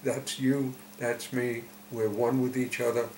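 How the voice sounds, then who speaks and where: Slow, deliberate man giving a spiritual talk. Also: mid-range voice, level tone, a little mellow. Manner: slow, deliberate storytelling with emphatic swells. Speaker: spiritual teacher. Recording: echoey room with faint noise.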